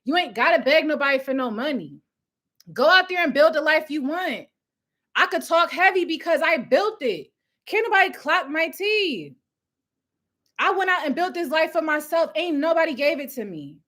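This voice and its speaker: A young woman giving a loud, passionate motivational talk on a live stream, laughing often as she preaches. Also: high-pitched. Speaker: host of a live coaching stream. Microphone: phone or webcam at home with ring light.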